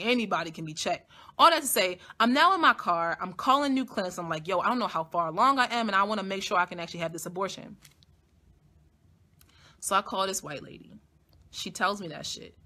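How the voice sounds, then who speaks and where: A woman hosting a live stream, telling a long personal story in a casual, blunt and heavily profane way, swinging between soft asides and loud emphatic bursts. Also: medium pitch.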